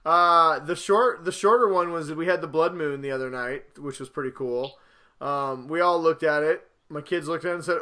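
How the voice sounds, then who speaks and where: High, bright-voiced animated dad. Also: male voice, normal speed. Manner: animated storyteller, acts out his kids' lines. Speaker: podcast co-host. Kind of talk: casual podcast chat.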